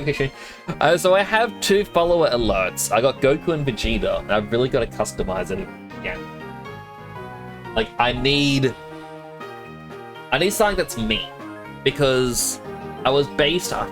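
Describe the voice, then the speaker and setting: A man's voice: mid-range voice, expressive, measured pace, long pauses, low-quality recording. A young man with a mixed Australian accent chatting casually on a game live stream, rambling and laughing often. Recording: game music playing underneath. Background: game music.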